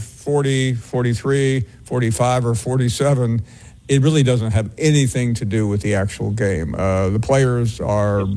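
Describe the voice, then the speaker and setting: Sports radio host guy, mellow low-key tone, measured, lots of uh pauses. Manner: measured, with frequent filler pauses. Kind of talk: call-in talk show.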